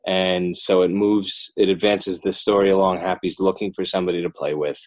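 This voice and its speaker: A man talking casually about his children's book as an interview guest, animated and often breaking off to restart his sentences. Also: low voice, fairly quick, no room sound. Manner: animated, self-interrupting, rising emphasis.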